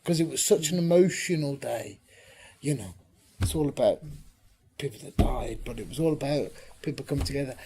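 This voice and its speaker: A man being interviewed about his band, telling stories in a chatty, lively way, sometimes dropping to a whisper for emphasis. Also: medium pitch, fairly quick, slight background noise. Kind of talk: casual anecdotal interview.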